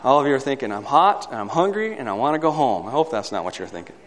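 A man preaching a sermon to a congregation, swinging from loud emphatic peaks to quiet asides and asking the listeners for amens. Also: medium pitch, sing-song, quick pace. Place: hall or church. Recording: long hall reverb.

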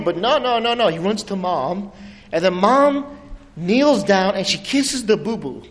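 A man preaching a sermon, telling stories with lively swings between soaring highs and hushed lows. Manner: animated storytelling with dramatic pitch swings and soft drops. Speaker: pastor. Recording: long hall reverb.

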